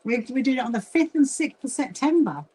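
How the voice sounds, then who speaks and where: A woman from Brighton, England, with a southern English accent, chatting casually on a livestream while she sews and greets viewers by name. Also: sits high, lively intonation, fairly quick, slightly rough. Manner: chatty, reads and greets viewer comments, frequent fillers and laughs. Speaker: livestream host, quilting association founder.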